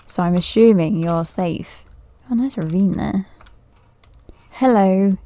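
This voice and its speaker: A woman's voice: medium pitch, takes it slowly, mellow, dry recording. Woman thinking aloud over a game. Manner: thinks aloud, nervous, often laughs and drops to a whisper. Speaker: gaming video creator. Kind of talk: casual let's-play commentary.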